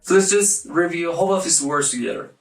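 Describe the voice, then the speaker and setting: A man's voice: fairly high pitch, a little fast, soft background music. A man giving a casual online language lesson, repeating each word several times so viewers can copy it. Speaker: language teacher. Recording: echoey room, mic at a distance.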